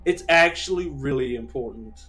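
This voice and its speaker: A man's voice: medium pitch, expressive, normal speed, bright, forceful tone, faint music behind. A man giving casual, rambling commentary while streaming a game, chatty and given to casual swearing.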